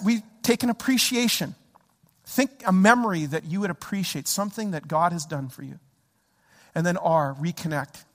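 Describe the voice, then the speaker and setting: A man preaching a sermon, telling a story with lively animation and acting out his own frustrated shouts. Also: sits high. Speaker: pastor. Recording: church hall reverb.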